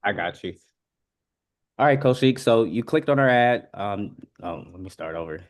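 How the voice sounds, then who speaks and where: A man's voice: on the low side, lively intonation, moderate pace. A man practicing a sales opener on a video call, hesitant and often starting over. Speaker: sales trainee.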